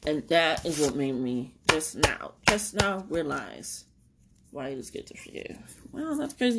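Low-voiced woman musing candidly on healing. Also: very animated, unhurried, a bit bright, a little hiss or hum. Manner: rambling, candid, swears and laughs often. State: tearful at times. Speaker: podcast host. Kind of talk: reflective solo podcast monologue.

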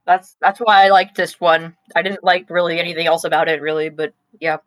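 A woman's voice: lowish voice, fairly even intonation, brisk, few pauses, no echo, poor audio. Offhand woman podcaster with a dry sound. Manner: offhand, talks while chewing, with frequent ums and restarts. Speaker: podcast co-host. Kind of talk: casual review chat.

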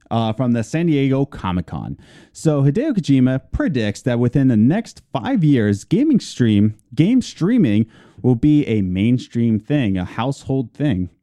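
A man's voice: mid-range voice, warm tone. A man co-hosting a casual gaming podcast, reading plugs and news with playful, teasing asides. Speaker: podcast co-host.

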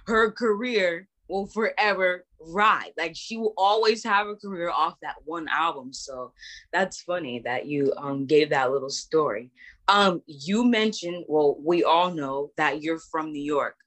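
A woman with a notably low voice hosts a podcast interview. She asks her questions in a relaxed, measured way, pausing on small fillers. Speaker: podcast host.

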